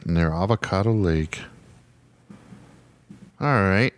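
Deep-voiced joking podcast host. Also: male voice, takes it slowly, dry recording. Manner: loose, joking, laughs easily. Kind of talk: casual chat.

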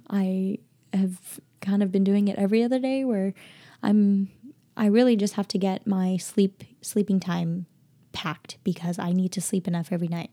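A woman's voice: mid-range voice, warm tone. A woman hosting her own podcast, talking in a casual, upbeat and personal way. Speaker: podcast host. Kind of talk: casual solo podcast chat.

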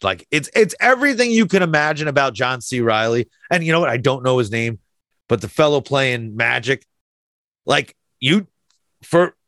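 A man co-hosting a casual chat show, talking excitedly and enthusiastically with lots of fillers. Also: mid-range voice, normal speed, no echo, studio quality.

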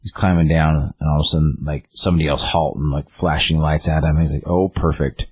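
Low, husky man recapping a plot. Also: flat delivery, quick pace, dry recording. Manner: rambling, with many fillers and "he's like" quotes.

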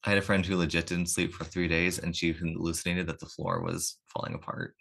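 A man co-hosting a podcast, casually recapping comic issues and slipping into quick quoted lines with chuckles. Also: low-pitched, flat delivery, creaky, fairly bright tone. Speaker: podcast co-host.

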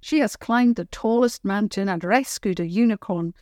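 A woman's voice: mid-range voice, normal speed, warm tone, no echo, clean studio sound, natural voice. Woman doing a young prince, big brother, grinning, teasing, storybook. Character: young prince, good-humoured older brother.

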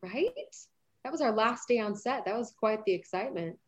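Animated, laughing woman guest. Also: fairly high pitch, moderate pace. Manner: animated storyteller, laughs often. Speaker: actress guest. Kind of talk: casual interview chat.

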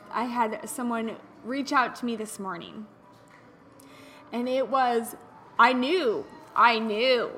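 A woman hosting a casual wellness podcast, telling stories in an animated way and acting out what people said. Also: on the high side. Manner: animated storyteller who acts out quotes. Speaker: podcast host.

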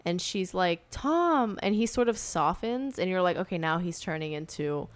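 A young woman in casual conversation, retelling movie scenes in quick bursts and acting out the lines. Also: fairly low pitch, smooth. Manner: talks in quick bursts, acts out quotes. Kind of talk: casual chat recapping a movie.

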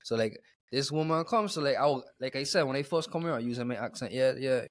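A man's voice: medium pitch, quick pace. A man from the Virgin Islands with his home accent, co-hosting a podcast and telling loose, profane stories in casual chat. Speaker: podcast co-host.

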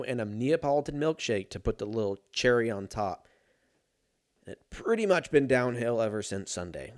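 A young man in a casual comedic rant, profane and rambling, jumping into mock voices of people he quotes. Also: lowish voice.

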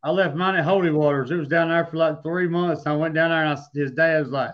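Guy cracking crude jokes, kinda high voice, muffled cheap mic. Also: fairly even intonation, quick pace, few pauses. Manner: profane, joking. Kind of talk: casual podcast banter. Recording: dull lo-fi mic.

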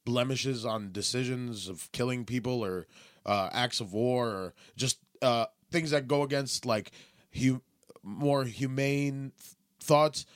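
A man's voice: medium pitch, takes it slowly, no room sound, clean studio sound. A young man co-hosting a podcast, talking politics with sarcasm, swearing and lots of fillers. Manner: profane, sarcastic, trailing off with fillers. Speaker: podcast co-host. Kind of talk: casual political chat.

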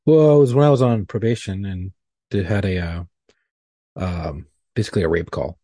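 A man's voice: deep voice, moderate pace, mellow, no room sound, clean studio sound. A man, a podcast co-host and police officer, chatting in a laid-back, profane way. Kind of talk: casual chat.

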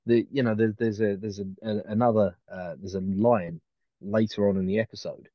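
A man with a fairly low voice talks his way around a point, full of restarts and fillers. The recording is dry and a little dull. The chat stays casual and unscripted. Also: steady tone, moderate pace, no echo. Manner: rambling, many restarts and fillers. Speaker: podcast co-host.

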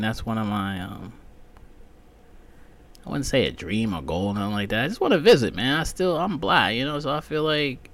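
A man hosting a casual comedic podcast monologue, rambling profanely with frequent fillers and sudden loud outbursts. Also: medium pitch. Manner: frequent fillers like um and you know. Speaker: podcast host.

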